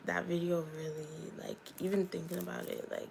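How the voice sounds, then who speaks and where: A woman's voice: fairly low pitch, level tone, moderate pace, vocal fry, darkish tone, a little hiss or hum, low-quality recording. A young woman, a YouTuber and hairstylist, chatting candidly on a livestream and talking straight to her viewers. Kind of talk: casual livestream chat.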